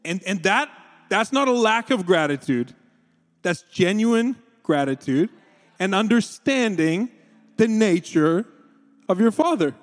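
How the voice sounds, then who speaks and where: High-voiced pastor preaching in a reverberant hall. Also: male voice, measured pace. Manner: storytelling, animated, quoting his kids with raised pitch. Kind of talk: sermon.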